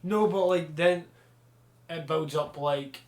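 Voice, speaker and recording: A man's voice: on the high side, slow. A man co-hosting a podcast, chatting in a laid-back way with short replies. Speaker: podcast co-host. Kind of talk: casual chat. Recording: roomy echo with faint noise.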